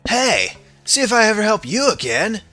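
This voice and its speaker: A man putting on a high, breezy surfer-type voice for a dog pilot character. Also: sing-song, normal speed, sharp tone, soft background music, exaggerated voice.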